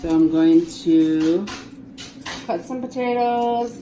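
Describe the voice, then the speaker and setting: A woman's voice: lowish voice, slow pace, dark tone. A woman chatting casually as she cooks in her home kitchen, laughing often while she tells family stories. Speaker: home cook filming herself. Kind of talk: casual cooking chat. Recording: noisy kitchen recording.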